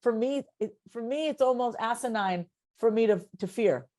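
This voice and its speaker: This woman sounds somewhat high-pitched and speaks at an ordinary speed during a relaxed, lively podcast chat. Animated by excitement, she doubles up on words to build her argument and coaches herself aloud.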